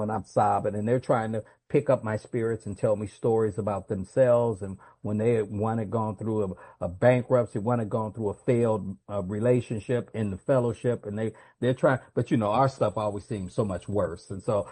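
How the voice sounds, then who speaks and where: A man's voice: on the low side, steady tone, normal speed, few pauses, warm tone. A man, a guest speaker at a recovery meeting, answers a question with earnest, confessional storytelling. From United States.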